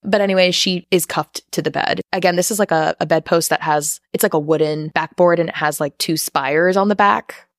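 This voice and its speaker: Chatty low-voiced woman podcaster. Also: steady tone, brisk, few pauses, dry recording, studio quality. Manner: chatty, profane, recaps with frequent fillers. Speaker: podcast co-host. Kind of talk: casual film recap chat.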